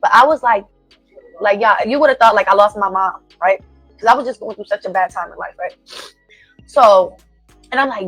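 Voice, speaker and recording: A woman's voice: medium pitch, moderate pace, pauses often, fairly bright tone, husky, dry recording, soft background music, low-quality recording. A woman venting angrily in casual speech, repeating herself and swearing as she tells her side. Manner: heated, repetitive, swears freely. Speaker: singer defending herself in a played clip. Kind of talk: angry venting rant.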